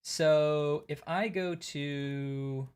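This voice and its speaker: A man's voice: a little high, steady tone, very slow, a little mellow, clean tone. A man streaming a mystery game, thinking aloud as he works through the puzzles with a friend. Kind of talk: casual game chat.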